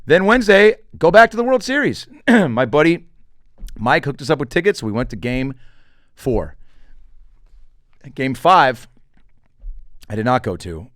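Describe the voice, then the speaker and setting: Animated, joking man hosting a podcast. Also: medium pitch, no echo, clean studio sound. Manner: animated, joking, swearing, does quick voices for quotes. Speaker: podcast host and comedian. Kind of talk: casual solo podcast monologue.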